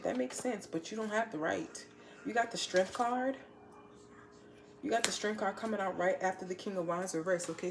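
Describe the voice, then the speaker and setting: A woman's voice: mid-range voice, noisy background. Blunt, slangy woman reading tarot. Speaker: tarot reader.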